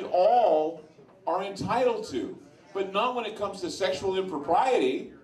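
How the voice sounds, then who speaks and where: A man's voice: high-pitched, lively intonation, a little slow, a little mellow. A man hosting an informal talk in front of a live audience at a sports lounge, speaking bluntly, with crude asides. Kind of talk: informal talk to a bar crowd. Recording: echoey room, voice far from mic.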